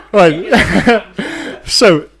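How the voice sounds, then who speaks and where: A man's voice: sits high, expressive, very slow, gravelly, fairly bright tone. A man co-hosting a radio show, friendly and teasing, laughing easily. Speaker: radio co-host. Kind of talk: casual radio chat.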